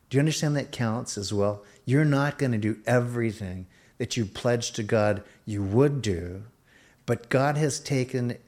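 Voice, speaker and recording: A man's voice: mid-range voice, darkish tone. A male pastor preaching a sermon in an emphatic style, pressing his listeners and shifting his pace.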